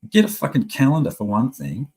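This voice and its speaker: A man's voice: mid-range voice, wildly swooping pitch, fairly quick, a little mellow, husky. A middle-aged man, ranting angrily in a profane, rambling monologue.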